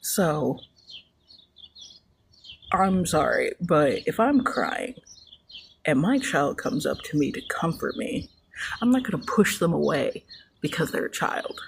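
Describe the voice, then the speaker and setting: A woman's voice: low voice, sing-song, takes it slowly, gravelly, pauses often. A woman speaks straight to her viewers, emotional and earnest, rambling as she goes. Faint noise sits under her voice. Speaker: mother sharing a personal story. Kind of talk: personal video monologue.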